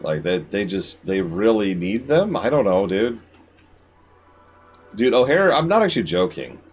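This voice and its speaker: A man giving live gameplay commentary as a streamer, talking to the game and swinging between shouted outbursts and low mutters. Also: big pitch swings, normal speed, husky, soft background music.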